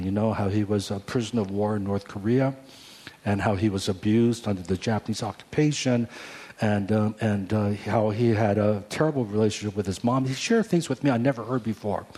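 A man's voice: on the low side, warm tone, husky. A man in his forties, a pastor, earnestly telling a personal story in a sermon. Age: 40s. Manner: earnest storytelling with many restarts. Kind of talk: sermon testimony.

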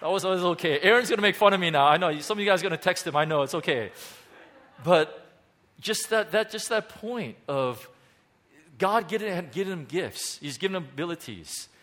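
A man preaching a sermon as pastor, animated and halting, with many restarts and fillers. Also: high-pitched.

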